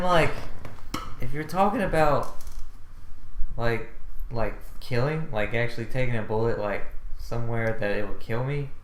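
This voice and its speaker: A man co-hosting a casual podcast chat, hesitant and thinking aloud with many fillers. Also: mid-range voice. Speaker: podcast co-host. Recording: echoey room.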